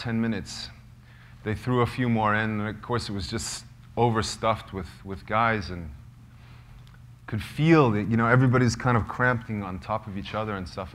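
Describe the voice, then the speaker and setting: A man, a filmmaker, telling a true story to a small live group, halting and searching for words with many fillers. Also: lowish voice, fairly bright tone. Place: cozy lodge hall gathering.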